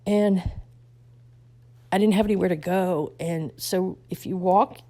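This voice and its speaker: A woman telling her life story on a vlog, halting and heartfelt, with many restarts and soft whispered stretches. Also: on the low side, steady tone. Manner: halting, full of restarts, drops to soft whispers at tender moments. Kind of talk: emotional personal storytelling.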